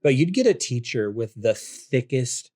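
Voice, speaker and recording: A man from East Texas with a matching accent, a pastor hosting a podcast, telling stories in an animated, self-mocking way. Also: medium pitch, unhurried. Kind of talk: casual chat.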